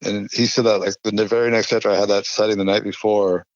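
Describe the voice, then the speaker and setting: Male podcast guest, low voice, rambling filler-heavy storyteller, muffled dry recording. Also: little pitch movement, quick pace, no echo. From California. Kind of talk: casual storytelling chat. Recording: dull lo-fi dry podcast audio.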